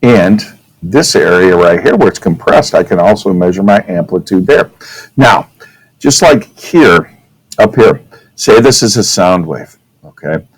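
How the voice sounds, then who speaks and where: A man's voice: sits low, lively intonation, measured pace, breathy edge, dry recording, poor audio. A male teacher giving a casual classroom physics lecture at a whiteboard, often checking in with "okay?". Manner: casual, checks in with "okay?", demonstrates with his own voice.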